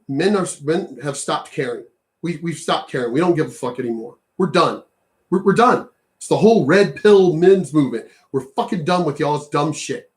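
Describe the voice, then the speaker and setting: A man ranting bluntly in a casual commentary video, swearing often and repeating his points. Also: sits high. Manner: blunt, profane, repetitive ranting. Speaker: commentary vlogger.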